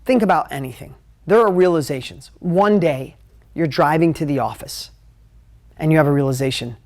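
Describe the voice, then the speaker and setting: A man teaching a live motivational talk at a whiteboard, energetic, emotional and conversational. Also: fairly high pitch, moderate pace. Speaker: motivational business coach.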